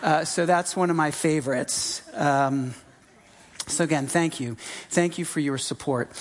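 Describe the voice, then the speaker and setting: Middle-aged pastor from the US, sermon, chatty delivery, emphatic repeats, medium pitch. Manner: conversational, with frequent fillers and restarts; emphatic, repeating key phrases.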